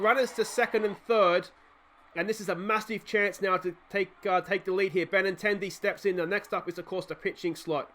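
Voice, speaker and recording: An Australian man giving excited play-by-play commentary as he plays a baseball game, getting loud on big hits. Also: sits high, brisk, slight background noise. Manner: fan-style play-by-play, shouting on big hits. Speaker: let's play host.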